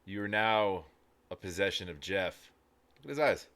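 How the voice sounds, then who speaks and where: A man with a fairly low speaking voice gives loose, off-the-cuff reaction commentary. He rambles, restarts his sentences and drops casual curses as he goes. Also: lively intonation, moderate pace, fairly bright tone. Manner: rambling, frequent restarts and fillers, casual swearing. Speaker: reaction video host.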